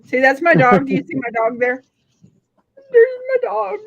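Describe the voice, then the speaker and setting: A woman's voice: high-pitched, sing-song, normal speed, vocal fry, no echo, rough recording. Rambling woman chatting on a livestream. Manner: rambling, repeats herself, talks to her dog. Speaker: livestream co-host. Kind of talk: casual livestream chat.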